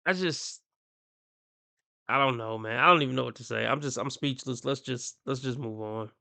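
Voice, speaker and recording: Blunt, crude man with gravelly voice. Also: mid-range voice, moderate pace, bright, forceful tone, no room sound. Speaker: streamer reacting to clips. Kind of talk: ranting commentary.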